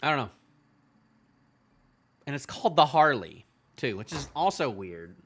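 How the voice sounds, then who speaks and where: A man with a bright, forceful voice at an ordinary middle pitch talks through a reaction in loose, casual commentary. He rambles, leans on "you know" constantly, and lets many sentences trail off in a low-key mumble. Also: sing-song, measured pace, slightly rough. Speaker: manga reaction channel host.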